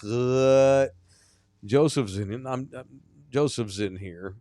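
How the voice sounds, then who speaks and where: A man hosting a sports podcast in casual chat, loud, joking and quick to exclaim. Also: mid-range voice, dry recording, clean studio sound. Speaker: podcast host.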